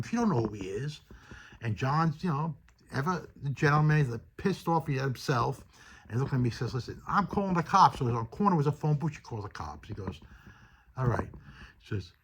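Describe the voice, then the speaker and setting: A man's voice: mid-range voice, a little hiss or hum. A man telling a casual story from memory, rambling with many fillers and quoted dialogue. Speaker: storyteller recounting personal memories.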